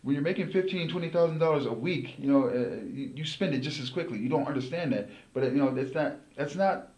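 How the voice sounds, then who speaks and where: A middle-aged man, a former pro football player, speaks as an interview guest at a brisk pace. He rambles and restarts phrases as he goes. His voice carries a roomy echo. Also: on the high side, a little mellow. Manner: rambling, repeats words as he restarts. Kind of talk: casual interview storytelling.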